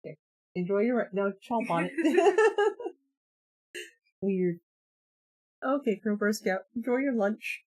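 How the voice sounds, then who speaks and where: A chatty woman in her forties talks casually on a live stream with a fairly high voice. She tells her stories in an animated way, laughs often, and keeps an easygoing, rambling flow. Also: takes it slowly, long pauses. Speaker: streamer and comic artist.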